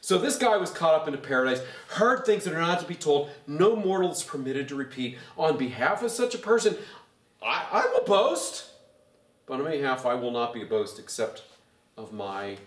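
A male pastor teaching a Bible study in an animated, sarcastic way, growing loud when he gets excited. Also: mid-range voice, normal speed. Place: church. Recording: echoey room, mic far off.

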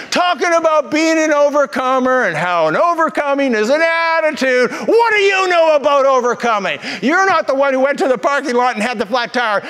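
A man's voice: extremely high pitch, fairly bright tone, in a large hall, voice pushed up. A man putting on the voice of an angry woman waitress, scolding her pastor with indignant ranting.

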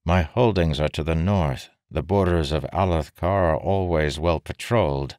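A proud, suspicious nobleman who snaps and growls his curt answers, as a man puts him on. The voice stays deep and deliberate. It has the dry, close sound of a storybook reading. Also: a little mellow, clean tone, no echo. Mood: guarded. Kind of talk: audiobook character voice.

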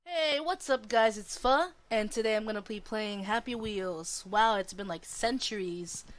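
A young woman playing a game on video, excitable, swearing a lot and shrieking when startled. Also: mid-range voice, unhurried, loud music behind the voice. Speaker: gamer. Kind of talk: let's play commentary. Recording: loud clicking throughout.

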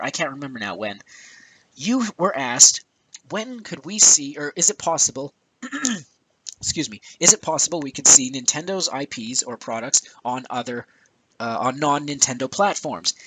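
An exasperated man rants into a headset, cursing freely and sighing between points. His voice is bright and forceful at a middle pitch. The sound is very dry with faint static. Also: lively intonation, normal speed, breathy edge, no room sound, poor audio. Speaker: gaming video host. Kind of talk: angry rant. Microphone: new headset.

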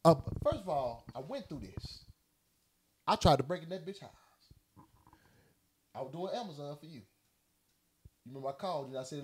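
Animated, loud storytelling man. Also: on the high side, fairly quick, pauses often, husky. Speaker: podcast host. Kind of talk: casual storytelling chat.

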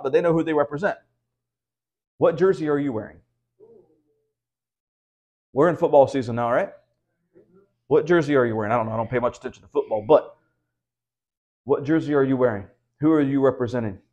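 A man's voice: fairly high pitch, darkish tone. A man teaching the Bible at a house church, preaching conversationally and often asking rhetorical questions. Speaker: pastor.

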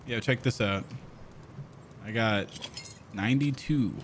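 A man's voice: on the low side, takes it slowly, background noise. A young man joking and swearing in casual gaming chat with friends. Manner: joking, loose, swearing banter.

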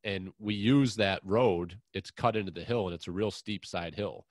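A man's voice: deep voice, normal speed, no room sound. A man hosting an outdoors podcast, telling a long hunting story in a frank, rambling way with mild swearing. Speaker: podcast host. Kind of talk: casual chat, long personal anecdote.

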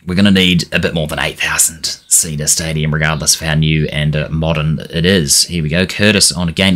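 Young male game streamer, low voice, narrates matches and loses his temper at the team. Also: a little fast. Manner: frustrated, swearing, shouting at his players. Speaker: gaming channel host. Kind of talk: let's-play commentary.

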